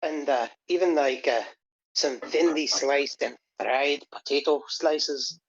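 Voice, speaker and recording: A woman's voice: deep voice, slow pace, highs cut off. A woman chatting and joking with friends while they play a game. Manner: laughing, puts on an exaggerated Irish accent in bits. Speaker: player. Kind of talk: casual group chat while playing a game.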